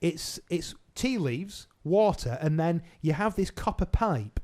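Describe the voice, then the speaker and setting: A man's voice: fairly high pitch, lively intonation, slow, darkish tone. A man co-hosting a podcast in a playful, teasing way. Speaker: podcast co-host. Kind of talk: casual podcast banter.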